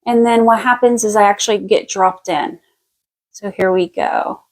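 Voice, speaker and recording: A woman with a medium-pitched voice does a past-life reading as a psychic medium during a live stream, captured on a rough recording. Her manner is casual and talkative with easy laughter, but she thinks out loud in fits and starts, using many fillers and often restarting or groping for words.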